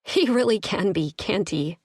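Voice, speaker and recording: A woman's voice: medium pitch, expressive, unhurried, darkish tone, no room sound, clean studio sound, voice pushed up. A woman narrator voicing a frightened young human woman, speaking in pleading, breathless lines. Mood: desperate.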